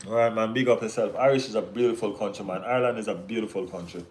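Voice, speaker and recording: Jamaican man, fairly low voice, streamer reading chat aloud, easygoing banter with playful teasing. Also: quick pace, a little hiss or hum. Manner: laid-back banter with Caribbean slang, bursts of excited teasing. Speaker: football watch-along host. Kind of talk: casual live-stream chat reading viewer comments.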